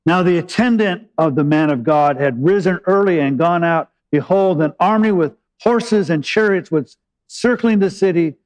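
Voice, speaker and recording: A man delivers a sermon, retelling the old story in his own words. His voice sits a little high for a man, and he slows down on key phrases with pauses before stepping out to explain. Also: low-quality recording. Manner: retells scripture with dramatic pauses and asides. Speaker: preacher.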